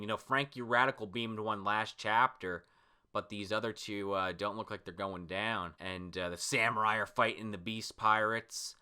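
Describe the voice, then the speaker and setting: A man's voice: fairly low pitch, expressive, moderate pace, sharp tone. A man casually reading through a comic chapter and commenting, loose and chatty, swearing freely and voicing the lines with emphasis. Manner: reads character lines aloud with emphasis. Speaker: comic reaction video host.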